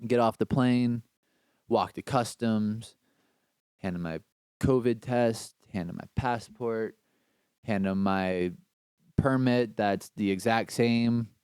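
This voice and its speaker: A man in casual conversation recounts a story with lively, slang-heavy energy and plenty of swearing. His voice sits a little low and sounds smooth and resonant. The recording is dry and close, with no room sound. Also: slow pace, long pauses, no echo. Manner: animated, slangy, swears freely. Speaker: podcast guest.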